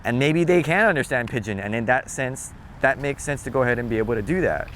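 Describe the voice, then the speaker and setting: A man from Hawaii with a Hawaiian accent, casually explaining local phrases in a relaxed, chatty vlog. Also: fast, a little hiss or hum. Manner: relaxed, chatty, demonstrates phrases with playful low tones. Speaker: vlogger.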